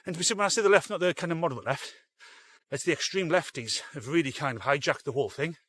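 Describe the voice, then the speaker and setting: A man's voice: a little high, quick pace, fairly bright tone, breathy edge. A middle-aged man, hosting a live-stream show in a rambling, sweary, blunt way. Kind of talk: casual live-stream rant.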